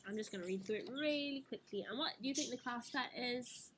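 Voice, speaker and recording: A woman teacher reading a picture book to young children, gentle and animated, often asking them questions. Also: on the high side, a little fast, background noise.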